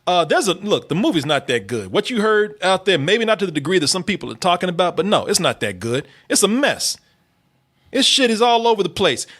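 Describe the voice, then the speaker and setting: A man hosts a casual movie review chat, talking loosely with plenty of laughs, fillers and restarts. His voice sits high and sounds sing-song, a bit bright, and brisk.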